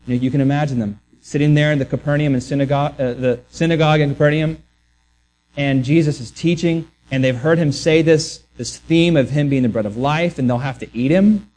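A man's voice: on the high side, fairly even intonation, fairly quick, a little mellow. Earnest man preaching a sermon. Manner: earnest preaching with repeated restarts, acting out quoted voices. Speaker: pastor.

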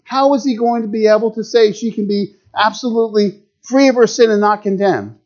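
A middle-aged man preaching a sermon dramatically, rising to urgent peaks and dropping to hushed lows. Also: a little fast. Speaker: pastor. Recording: dull lo-fi sound.

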